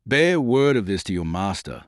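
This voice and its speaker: A man voicing a courteous but wary prince who speaks in a formal, measured way. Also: fairly low pitch, big pitch swings, no echo, clean studio sound. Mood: commanding.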